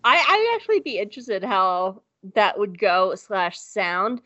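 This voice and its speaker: A woman's voice: mid-range voice, sing-song, a little slow, bright, forceful tone, muffled recording. A woman co-hosting a podcast in casual chat, giggly and self-deprecating, now and then swearing. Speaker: podcast co-host.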